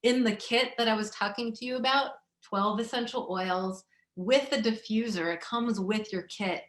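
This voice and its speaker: A woman teaching yoga and essential oils, chatting casually on an online summit and telling animated stories with plenty of fillers. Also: a little high, moderate pace, roomy sound. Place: indoor room at home with diffusers.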